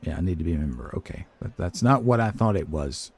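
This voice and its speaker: A man's voice: low-pitched, lively intonation, quick pace, vocal fry, darkish tone, breathy edge. An older man giving casual, hesitant commentary as he plays a video game, chatting to himself and poking fun at his own fumbling. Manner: chatty, hesitant, self-deprecating, talks to himself. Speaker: game streamer.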